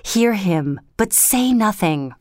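A woman's voice: mid-range voice, animated, slow, a little mellow, no room sound, studio quality. A woman voicing a sinister old witch, chanting spells with a sing-song rhythm. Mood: hushed.

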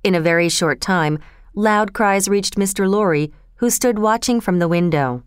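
A woman reading a story aloud in a measured, clear audiobook narration. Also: medium pitch, no echo, studio quality.

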